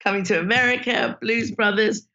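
A woman, a filmmaker guest telling animated stories in an interview and acting out the people she quotes. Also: on the high side, moderate pace, muffled recording. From Britain. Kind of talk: conversational interview storytelling.

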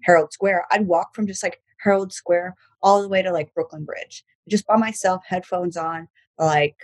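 A woman talks in a loose, rambling podcast chat, full of restarts and casual swearing. Her voice sits low and has a husky, breathy edge. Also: steady tone, normal speed, darkish tone, dry recording, poor audio. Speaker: comedian guest.

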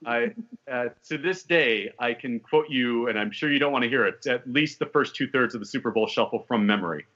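A man's voice: mid-range voice, a little fast, fairly bright tone. A man hosting a podcast in casual sports chat, wry and talkative with joking asides. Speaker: podcast host. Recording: dull lo-fi audio.

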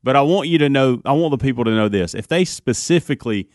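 A man's voice: mid-range voice, animated, fast talker, a little mellow, no room sound, clean studio sound. A man hosting a radio talk show, rambling and often restarting his sentences.

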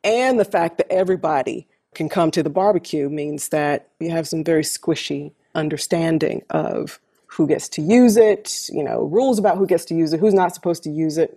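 A woman's voice: sits low, fairly quick, mellow, slightly rough. A woman co-hosting a casual conversation, talking emphatically and repeating her key phrases.

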